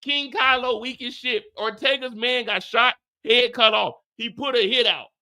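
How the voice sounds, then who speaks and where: Animated, profane man ranting a recap. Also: very high-pitched, normal speed. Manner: animated, profane, mock-dramatic. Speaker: show recap host. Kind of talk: comedic TV episode recap rant.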